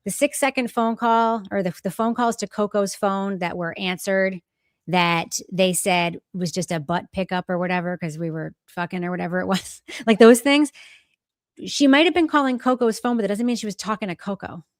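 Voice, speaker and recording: A woman's voice: medium pitch, normal speed, dry recording. Emphatic woman co-hosting a podcast, dry sound. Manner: emphatic, candid, thinks aloud with restarts. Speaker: podcast co-host. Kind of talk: casual opinion talk.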